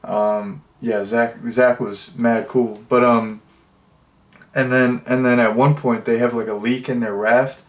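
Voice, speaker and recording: Male movie reviewer, mid-pitched, casual and rambling, filler-heavy with deadpan humor. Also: unhurried, echoey room.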